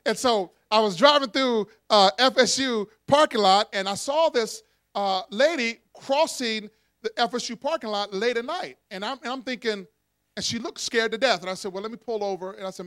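Lively high-voiced preacher. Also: male voice, smooth, no room sound, clean studio sound. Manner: call-and-response preaching, animated storytelling with laughs. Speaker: pastor. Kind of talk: sermon.

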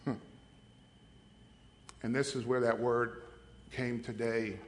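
A man preaching a sermon as pastor, dramatic, swinging from hushed asides to shouts. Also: mid-range voice, flat delivery, slow pace, in a large hall, slight background noise.

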